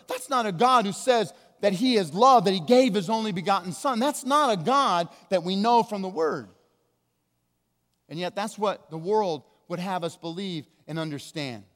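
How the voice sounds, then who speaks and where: High-voiced emphatic preacher in a reverberant hall. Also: male voice. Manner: emphatic, with slow drawn-out stresses and wide swings in loudness. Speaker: pastor. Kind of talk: sermon.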